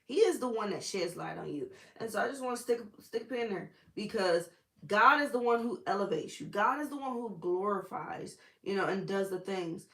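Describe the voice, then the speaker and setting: A woman's voice: medium pitch, animated, moderate pace, fairly bright tone, reverberant. A woman preacher, teaching the Bible in a casual, chatty way with sassy asides.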